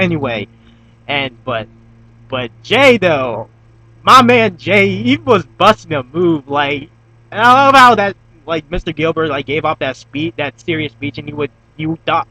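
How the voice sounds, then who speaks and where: A man's voice: a little high, a bit bright, rough recording. A young man giving a casual, rambling review of a TV episode. He fills his talk with fillers and restarts and swears when he gets worked up. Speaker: YouTube TV reviewer.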